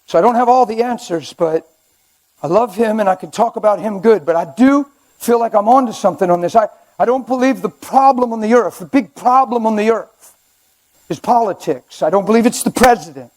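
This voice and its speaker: An older man preaching a sermon in a church, conversational and animated with sudden loud outbursts. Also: high-pitched, a little fast.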